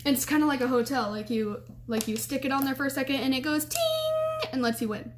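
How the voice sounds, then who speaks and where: A young woman casually telling a story in a vlog, chatty and animated, with lots of fillers and restarts. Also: sits high, quick pace, heavy background noise.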